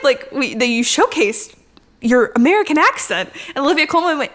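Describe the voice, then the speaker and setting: Young woman, casual podcast co-host; bright, raised pitch, excitable and profane. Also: a little fast. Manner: excitable, swears often, laughs a lot. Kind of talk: casual chat.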